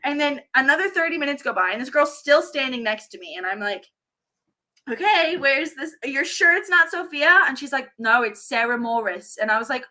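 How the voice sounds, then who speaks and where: Brief: young woman guest, high bright voice, lively storyteller who acts out voices, video call. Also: brisk. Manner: acts out quoted voices, laughs often. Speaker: reality show contestant guest. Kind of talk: animated storytelling in an interview.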